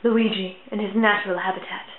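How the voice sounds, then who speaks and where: A woman's voice: medium pitch, fairly even intonation, a little fast, a little hiss or hum. A young woman vlogging casually from her old bedroom, chatting and cooing at her cats, bubbly and easily distracted. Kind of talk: casual vlog chat. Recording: tinny, echoey phone-like sound.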